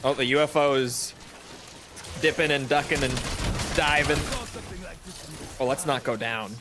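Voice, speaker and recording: A man's voice: mid-range voice, fairly even intonation, a little slow, background noise. A man giving casual gameplay commentary, chatty and rambling, often correcting himself mid-sentence. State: has the hiccups. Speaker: gaming streamer.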